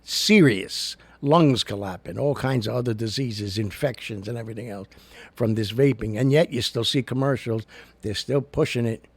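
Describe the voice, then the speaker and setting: A man's voice: medium pitch, moderate pace, breathy edge, dry recording. A man hosting a casual talk show, chatting in a loose, jokey way with an American accent and lots of fillers. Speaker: show host.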